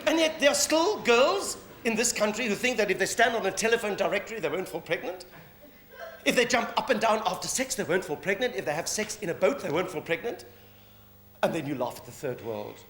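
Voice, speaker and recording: A man's voice: high-pitched, big pitch swings, brisk, a bit bright. A middle-aged South African man performing a provocative, mocking stage comedy monologue. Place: live theatre stage. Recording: roomy live stage recording, faint hum.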